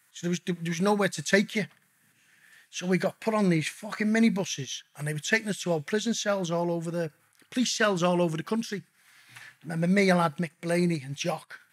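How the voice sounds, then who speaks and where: A man's voice: sits high, husky. A man telling his own stories as a podcast guest, swearing constantly and calling the host mate. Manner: lively anecdotal storyteller, addresses the host as mate. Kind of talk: casual podcast interview storytelling.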